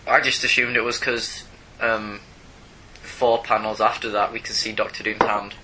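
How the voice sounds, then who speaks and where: A man's voice: on the low side, level tone, normal speed, bright, forceful tone, rough recording. A man co-hosting a casual comics podcast, dry and teasing, often with short replies. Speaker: podcast co-host. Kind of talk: casual chat about comics.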